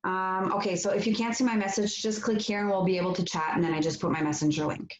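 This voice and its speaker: A woman's voice: medium pitch, steady tone, fast talker. A French-speaking woman, a guest on a live-stream interview, who talks casually and upbeat with many fillers. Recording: roomy, dull lo-fi audio.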